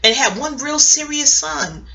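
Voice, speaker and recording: Lively, bright-voiced middle-aged woman rambling. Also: sits high, measured pace, gravelly. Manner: animated, digressive, laughs often, swears freely. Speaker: vlogger. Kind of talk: casual rambling commentary.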